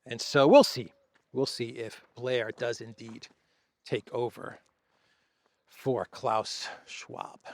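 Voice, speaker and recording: A man who grew up in Greece, a show host, giving casual solo commentary in a sardonic, drawn-out way with laughing asides, recorded outdoors among trees. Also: fairly high pitch, gravelly, a bit bright, no echo.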